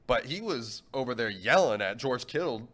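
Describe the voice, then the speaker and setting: A man's voice: medium pitch, animated, normal speed, fairly bright tone. A man co-hosting a sports talk radio show, chatting casually in banter.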